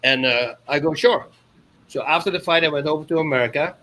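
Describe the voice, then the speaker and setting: A man in his fifties from the Netherlands with a Dutch accent, a podcast guest telling animated stories with loud exclamations. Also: on the high side, fast talker, a little hiss or hum, poor audio. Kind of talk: casual storytelling.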